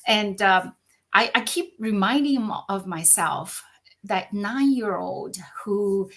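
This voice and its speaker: A middle-aged woman from China, a podcast guest and company founder, telling her story in an animated, conversational way and often checking in with "right?". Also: mid-range voice, takes it slowly. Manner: animated, frequent "right?" tag questions.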